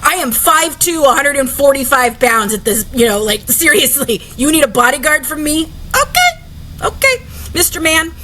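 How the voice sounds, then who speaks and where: A woman, an interview guest, telling a story in casual, animated talk full of "like" fillers. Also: high-pitched, normal speed, slight background noise, poor audio.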